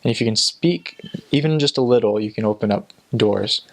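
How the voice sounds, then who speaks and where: A young man who is a returned missionary tells amused stories in a relaxed, chatty way, sprinkling in lots of fillers. His voice sits on the low side and moves fairly quickly.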